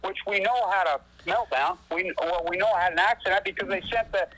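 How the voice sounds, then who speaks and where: A man talking as an activist guest in a casual phone conversation, animated and emphatic, ranting with rising indignation. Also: high-pitched, brisk, low-quality recording. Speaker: anti-nuclear activist guest.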